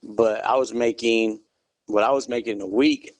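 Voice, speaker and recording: A middle-aged man speaks in a low, easygoing voice as an interview guest, working "you know" into almost every sentence. He keeps a good-natured humor as he talks. The recording is close and dry, with no room sound. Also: normal speed, dry recording. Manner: relaxed storytelling, full of "you know". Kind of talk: casual interview.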